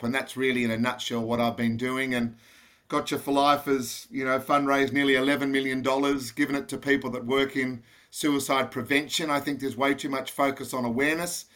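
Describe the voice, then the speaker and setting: A man's voice: mid-range voice, fairly bright tone. Passionate Australian man, direct talk. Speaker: podcast guest, charity founder. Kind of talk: casual interview talk.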